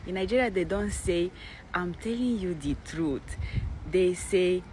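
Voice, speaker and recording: Woman, lowish voice, patterned list narration, vehicle noise behind. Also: moderate pace. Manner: listing phrases in a repeated pattern.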